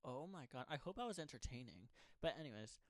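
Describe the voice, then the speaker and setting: A young man talks straight to his fans in a loose, unscripted ramble, tossing in swear words and sarcastic jokes. His voice sits at an ordinary middle pitch. It is recorded close to the mic, with a very dry sound and no room echo. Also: very animated, quick pace. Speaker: pop singer-songwriter promoting an album. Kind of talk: casual unscripted monologue to fans.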